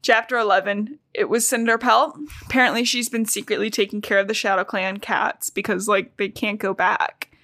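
A young woman hosting a podcast, recapping a book in casual chat, talking fast with lots of "like". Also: mid-range voice, steady tone, sharp tone, no room sound. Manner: chatty, fast, frequent "like" and laughs. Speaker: podcast host.

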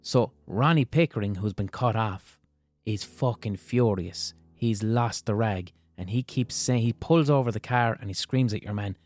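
A man's voice: lowish voice, normal speed, a little mellow, no echo. A young adult man, hosting a solo podcast in a blunt, conversational way and swearing freely. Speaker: podcast host. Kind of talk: casual solo podcast monologue.

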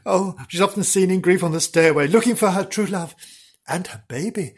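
A podcast host telling a history tale in a theatrical, gossipy, mock-dramatic way. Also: male voice, high-pitched, normal speed, husky. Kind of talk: comic storytelling.

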